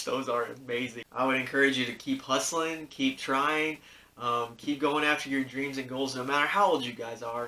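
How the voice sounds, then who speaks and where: A man in his thirties tells a personal story to his vlog audience in a loose, rambling way, full of fillers and restarts. He sounds earnest and encouraging, with a bright, forward voice at a middling pitch. The recording has a noticeable echo from the room. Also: far from the mic. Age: 30s. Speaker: sneaker YouTuber.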